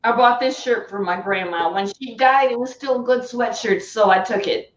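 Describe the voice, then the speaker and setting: A woman's voice: fairly high pitch, moderate pace. A woman with an Upper Peninsula Michigan accent, chatting and telling stories casually with a bit of swearing. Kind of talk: casual chat. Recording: roomy, distant, muffled audio.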